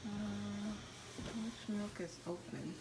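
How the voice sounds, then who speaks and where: A woman's voice: medium pitch, fairly even intonation, slow pace, background noise. A woman chatting casually in her day-in-the-life vlog as a mom, talking to her toddler and to the camera in her home kitchen. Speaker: vlogging mom. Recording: kitchen clatter of dishes and pans.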